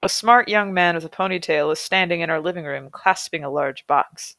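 A woman hosting a comedy podcast, reading a story aloud and breaking in with wry, deadpan asides. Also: fairly low pitch, normal speed, over a noisy crowd. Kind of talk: reading aloud with sarcastic commentary.

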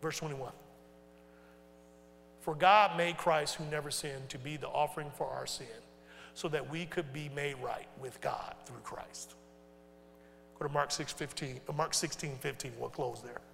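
A male pastor preaching a sermon in casual, folksy speech, asking the congregation questions and swinging from loud to hushed. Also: a little high, fairly even intonation, a little slow, creaky, long pauses, a little hiss or hum. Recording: long reverb in a large hall.

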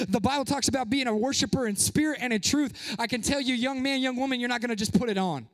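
Brief: young male pastor, bright high voice, playful animated sermon, a bit winded, church reverb. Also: quick pace, few pauses. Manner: lively, joking preaching with playful voices. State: out of breath. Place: church sanctuary.

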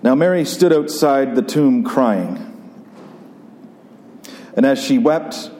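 A man preaching a sermon and reading scripture, reflective and conversational, pausing and repeating himself as he thinks aloud. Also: mid-range voice, warm tone. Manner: reflective, conversational, with pauses and repetitions. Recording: long hall reverb.

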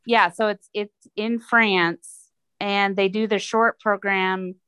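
A woman's voice: mid-range voice, fairly even intonation, slow, sharp tone, clear, resonant tone. A woman with a mid-range voice co-hosts a podcast. She talks casually and chimes in with short agreeing comments and small details, speaking at an easy pace. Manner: adds brief agreeing remarks and details. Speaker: podcast co-host. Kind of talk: casual chat.

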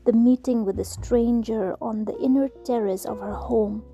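A woman storyteller whispering her way through a narrative, each line soft and hushed. Her voice is slightly high yet very dark and mellow, unhurried, with faint music underneath. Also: steady tone. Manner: soft, slow whispered reading.

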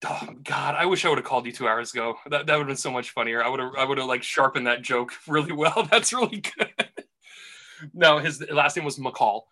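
A man's voice: mid-range voice, moderate pace, bright, forceful tone. A man casually telling a rambling golf caddy story on a podcast, full of restarts and asides.

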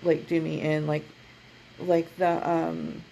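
Gravelly, mellow-voiced woman podcast co-host. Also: low-pitched, flat delivery, takes it slowly, slight background noise, low-quality recording. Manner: chatty, rambling with many fillers. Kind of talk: casual chat and guided meditation intro.

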